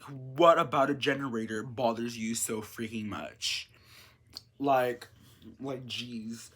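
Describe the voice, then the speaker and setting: A man's voice: mid-range voice, fairly bright tone. Chatty man vlogging, full of fillers. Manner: chatty, full of "like" fillers, reacts and reads stories aloud. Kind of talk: casual storytime commentary.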